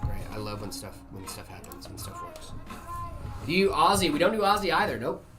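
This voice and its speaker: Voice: medium pitch, big pitch swings, a little fast, loud music behind the voice. A livestream host who chats casually while answering viewer questions about PC hardware, loose and filler-heavy, reading chat aloud.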